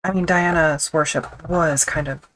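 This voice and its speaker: A woman with a notably low voice gives an offhand, self-mocking commentary as she stitches leather. She murmurs half to herself between remarks, with a faint hiss of noise underneath. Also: steady tone, measured pace, fairly bright tone, poor audio. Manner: wry, mutters to herself as she works. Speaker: leatherworker streaming her craft. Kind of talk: casual running commentary while working.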